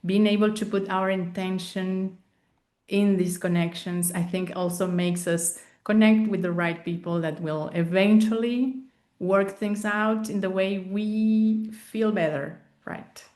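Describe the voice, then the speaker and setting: A woman's voice: medium pitch, steady tone, unhurried, darkish tone, reverberant. A woman reflecting somewhat hesitantly during a panel discussion over a video call.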